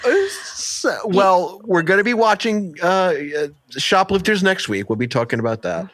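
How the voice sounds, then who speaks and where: A man's voice: high-pitched, animated, moderate pace, fairly bright tone, dry recording. A man co-hosting a show, chatting casually with dry jokes. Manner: dry, joking. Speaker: podcast co-host. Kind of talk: casual chat.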